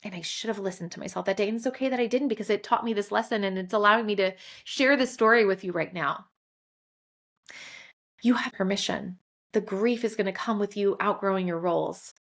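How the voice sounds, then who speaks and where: A woman's voice: mid-range voice, fairly quick, fairly bright tone. Candid woman podcaster. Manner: candid, emotional storytelling with many fillers. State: close to tears at times. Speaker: podcast host. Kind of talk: solo podcast monologue.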